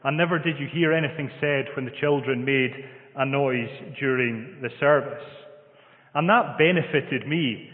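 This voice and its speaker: A Scottish man preaching a sermon and reading scripture in a measured, gently humorous way. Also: medium pitch. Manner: measured, gentle humour, reads scripture aloud. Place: church hall. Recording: phone-like sound in a long-reverb hall.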